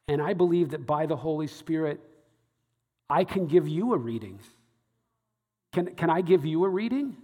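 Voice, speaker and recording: A man giving a sermon, telling a personal story in an animated way and acting out the voices of the people in it. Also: a little high, big-room sound. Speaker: pastor.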